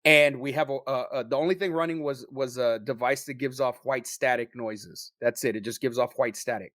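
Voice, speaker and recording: Man, podcast co-host, mid-pitched, swears freely, telling a story with lively energy, dry sound. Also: brisk, no echo. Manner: profane, animated storyteller.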